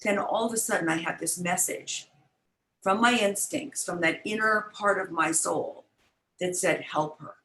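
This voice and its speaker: A woman's voice: lowish voice, unhurried, bright, forceful tone, echoey room, slight background noise, low-quality recording. An older woman telling a heartfelt personal story as an interview guest, earnest and chatty, over a video call. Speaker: guest, business founder. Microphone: online event, video call.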